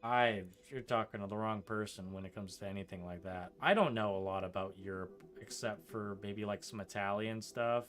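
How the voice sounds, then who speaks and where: Answering his chat while he plays, a young man from Canada streams in a loose, rambling way, dropping lots of likes and ums and chuckling often. He has a lowish, steady, slightly bright voice, a moderate pace, and few pauses.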